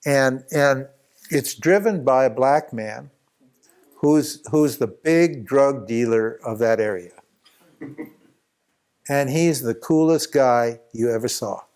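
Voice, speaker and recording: A man's voice: mid-range voice, slow, pauses often. A man teaching at a spiritual retreat, telling a long anecdote with lots of restarts and chuckles. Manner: rambling, animated anecdote with many restarts and laughs. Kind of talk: storytelling talk at a retreat.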